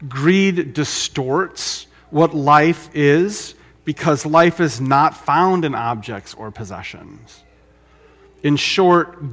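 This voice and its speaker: Male pastor, middle-aged, slow deliberate delivery, slightly high voice, emphatic pauses. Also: expressive, fairly bright tone. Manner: emphatic, dramatic pauses, repetition. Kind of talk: sermon.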